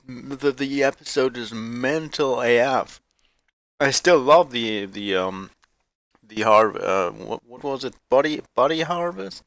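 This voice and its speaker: A man co-hosting in casual chat, rambling and swearing, halting with many restarts. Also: mid-range voice, a bit bright, no room sound.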